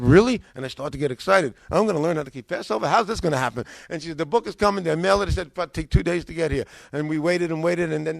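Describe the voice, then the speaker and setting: An older man telling his own life story in a lively way, acting out the dialogue and often restarting his sentences. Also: a little high, creaky, no echo. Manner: acts out quoted dialogue, excitable, restarts often. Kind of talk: animated personal storytelling.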